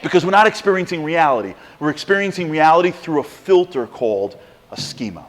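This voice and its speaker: A man giving an inspirational lecture with humor, an animated storyteller who fires off rhetorical questions to the audience in a large lecture hall. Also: on the high side, a little fast. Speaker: speaker. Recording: long hall reverb.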